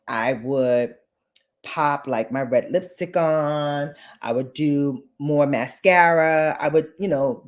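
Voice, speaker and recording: A woman with a New York accent, chatting playfully to viewers in a casual beauty vlog while doing her makeup. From New York, Bronx. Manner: animated with sudden high pitch jumps. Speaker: beauty vlogger.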